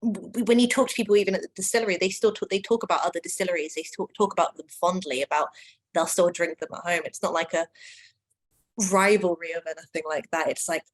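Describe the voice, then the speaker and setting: A woman hosting an online whisky tasting in a relaxed, chatty way. She gushes with enthusiasm, tripping over fillers and restarts. Her voice sits a little low for a woman. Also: quick pace, rough recording. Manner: enthusiastic, gushing, many fillers. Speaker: whisky brand ambassador. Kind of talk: casual online tasting chat.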